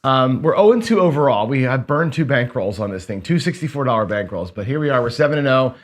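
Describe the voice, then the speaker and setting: A middle-aged man with a hoarse voice, hosting a casual gambling show and chatting loosely with many fillers and restarts. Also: medium pitch, animated, fast. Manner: rambling, filler-heavy, frequent restarts. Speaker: host.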